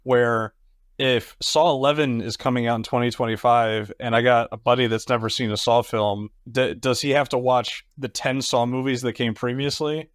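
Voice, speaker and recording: A man's voice: medium pitch, steady tone, moderate pace, smooth, no echo, studio quality. A man chatting casually as a podcast host, thoughtful and analytical. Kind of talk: casual chat.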